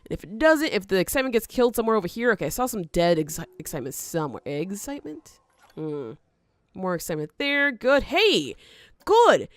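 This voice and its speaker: A woman's voice: medium pitch, sing-song, quick pace, no echo. A woman hosting a let's play, giving chatty gameplay commentary, talking back to the game and laughing often.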